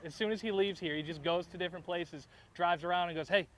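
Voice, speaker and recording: Male co-host, dry teasing banter, slightly high voice, faint outdoor noise behind. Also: fast. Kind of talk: casual banter.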